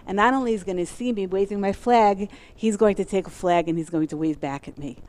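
A woman's voice: mid-range voice, quick pace, a little mellow, lightly acted. An adamant little boy who won't be talked out of his plan, as a woman telling the story puts him on. He answers firmly, in the plain voice of a storyteller reading to a class. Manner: insistent, adamant. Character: stubborn little boy on a beach.

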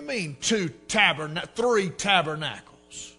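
A man preaching a sermon with fervor, his voice climbing into shouts. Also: sits high, lively intonation, unhurried, pauses often, faint music behind. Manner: fervent, rising to shouts.

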